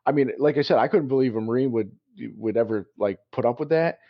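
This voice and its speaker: A man co-hosting a podcast, telling a story in a casual, animated way with laughs. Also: medium pitch, fast talker. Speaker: podcast co-host. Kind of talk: casual chat. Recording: dull lo-fi podcast audio.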